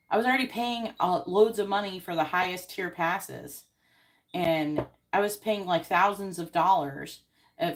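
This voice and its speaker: A woman who hosts tarot readings, telling a story in an indignant, casual rant full of swearing and fillers. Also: mid-range voice. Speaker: tarot card reader host.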